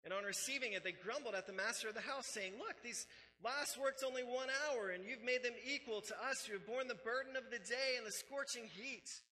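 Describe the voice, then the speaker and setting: A man's voice: very high-pitched, a little fast, bright, forceful tone, in a large hall, low-quality recording. A man preaching a sermon as pastor, emphatic and repetitive, mixing scripture reading with casual conversational asides.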